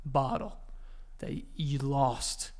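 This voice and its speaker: A man's voice: mid-range voice, expressive, slow pace, a little mellow. A young man, co-hosting a podcast with teasing, joking banter. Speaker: podcast co-host. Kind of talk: casual chat.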